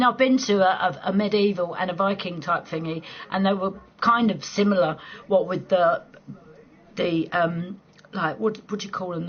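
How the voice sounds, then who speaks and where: A woman in her forties hosting a casual late-night chat with viewers, laughing often, swearing freely and rambling through restarts. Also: fairly low pitch. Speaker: live stream host chatting with viewers. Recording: dull lo-fi stream audio with faint noise.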